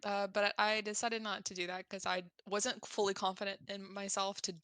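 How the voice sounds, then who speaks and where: A woman's voice: mid-range voice, little pitch movement, normal speed, a bit bright, no echo. A woman chatting casually as a player, hesitant with stumbling starts. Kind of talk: casual chat.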